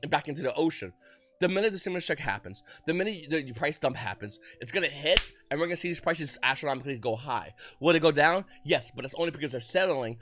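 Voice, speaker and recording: A man giving excited, rapid market commentary as host of his channel, often restarting his sentences. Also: a little high. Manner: talks fast when excited, frequent restarts. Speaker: trading card market commentator.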